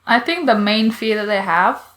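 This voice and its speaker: A woman's voice: medium pitch, lively intonation, moderate pace, a bit bright. A woman, telling a personal story in a casual podcast chat, rambling with many fillers and laughter. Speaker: podcast co-host.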